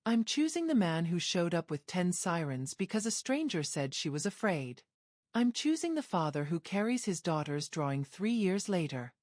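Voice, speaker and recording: A woman's voice: on the low side, sing-song, normal speed, darkish tone, no echo, studio quality. A woman narrator voicing a determined young woman who speaks earnestly and resolutely. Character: determined young woman choosing love over fear.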